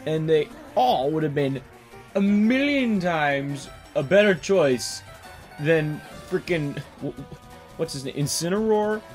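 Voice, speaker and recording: A man ranting casually for laughs as a video host, rambling with sudden loud outbursts. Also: mid-range voice. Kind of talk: casual comedic rant.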